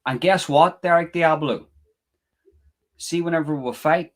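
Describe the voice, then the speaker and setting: A man with an Irish accent, a little drunk, hosting a casual live stream from home with profane rants. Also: mid-range voice. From Ireland. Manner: profane, ranting and mocking. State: a bit drunk. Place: room at home.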